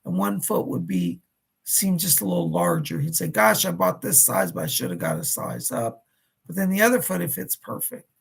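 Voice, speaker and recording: Very gravelly, husky male psychic host. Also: a little high, wildly swooping pitch, normal speed. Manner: chatty, addresses viewers by name, relays spirit messages. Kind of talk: live-streamed psychic readings.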